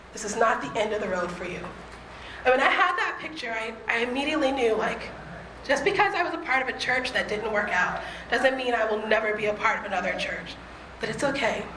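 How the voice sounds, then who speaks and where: A woman giving a reflective faith talk, earnest and conversational, slowing down to stress key points. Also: a little high, background noise. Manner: earnest, conversational, slows for emphasis. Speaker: speaker. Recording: echoey room with faint ambience.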